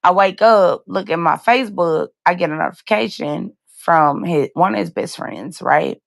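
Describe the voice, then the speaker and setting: A woman's voice: on the low side, moderate pace, gravelly, no echo. A woman around forty, hosting a live stream, telling a painful personal story in a candid, casual way and speaking straight to her listeners. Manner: casual, emotional, speaks straight to listeners with "y'all" and "you guys".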